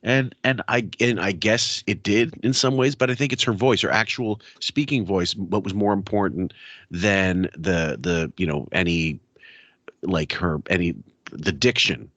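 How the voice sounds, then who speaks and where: A man talks casually on a podcast, searching for words and restarting often. His voice is very low. The sound is dry and close. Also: measured pace, fairly bright tone, no room sound. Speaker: podcast co-host. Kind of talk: casual chat.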